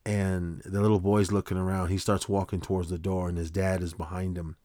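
A man's voice: low voice, level tone, brisk, dark tone, no echo. A man hosting a podcast, casually recapping a short film in a rambling way, with frequent fillers and restarts. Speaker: podcast host.

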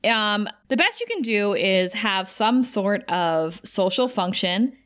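A woman's voice: medium pitch, animated, takes it slowly, a bit bright. A woman co-hosting a podcast, retelling a TV episode in casual chat and quoting the characters as she goes. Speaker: podcast co-host.

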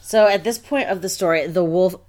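Low-voiced woman casually retelling a tale. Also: a little fast, a little mellow. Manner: laid-back, joking, reads story lines aloud. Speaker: podcast co-host.

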